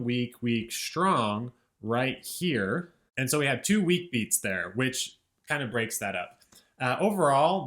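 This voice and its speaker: A man's voice: medium pitch, a bit bright. A young man giving a casual music lesson, thinking aloud as he breaks down song lyrics, with many "right?" and "kind of" fillers. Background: faint ukulele.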